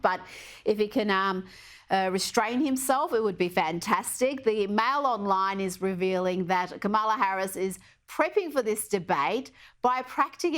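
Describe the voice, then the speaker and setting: A woman anchoring a news interview, brisk and chatty, laughing lightly mid-sentence. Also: medium pitch.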